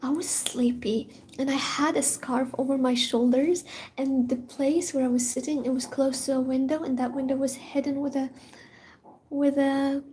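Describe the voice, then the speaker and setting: High-voiced young woman, rambling storytime. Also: normal speed, slight background noise. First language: not English. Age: young adult. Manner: rambling, animated, dips into whispers. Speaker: university student vlogger. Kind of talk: casual storytime chat.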